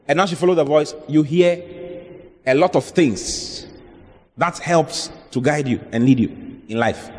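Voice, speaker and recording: A man's voice: medium pitch, a little mellow. A male pastor preaching a sermon, emphatic, repeating his phrases for stress. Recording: long hall reverb.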